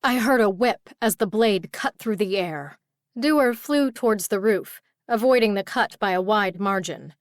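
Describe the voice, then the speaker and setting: A woman's voice: mid-range voice, animated, unhurried, no room sound, clean studio sound. A woman reading a first-person urban fantasy audiobook, with a tired, exasperated edge. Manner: tired, exasperated heroine voice in dialogue. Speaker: audiobook narrator.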